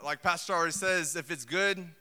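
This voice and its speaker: A man preaching a sermon in a lively, conversational way, full of asides and acted quotes. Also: on the high side, a little fast. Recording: long hall reverb.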